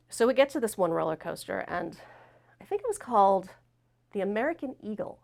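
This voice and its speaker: Animated woman telling a wild story. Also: a little high, normal speed. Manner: animated, acts out quoted voices. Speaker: host. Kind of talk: storytelling talk-show monologue.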